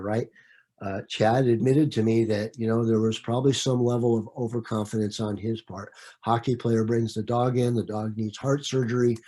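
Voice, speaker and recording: A man's voice: on the low side, darkish tone. A man leading an online training session, talking conversationally and answering participants' comments by name, with frequent fillers and restarts.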